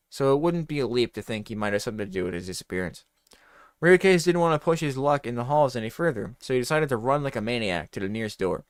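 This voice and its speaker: A man's voice: medium pitch, clear, resonant tone, no echo, studio quality. A man reading a comedy story aloud in a mock-dramatic voice, breaking off for swearing asides.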